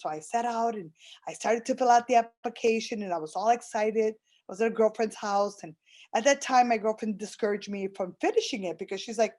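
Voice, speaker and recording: A woman's voice: medium pitch, a little fast, darkish tone. A middle-aged woman giving an earnest personal testimonial, retelling conversations with fillers and restarts. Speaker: program client giving a testimonial.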